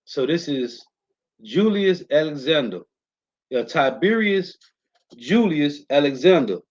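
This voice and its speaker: A man's voice: fairly high pitch, sing-song, takes it slowly, dull audio. A man teaching a scripture lesson, commenting on film clips in an informal, preachy way, often adding "man" and "right?". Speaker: religious teacher.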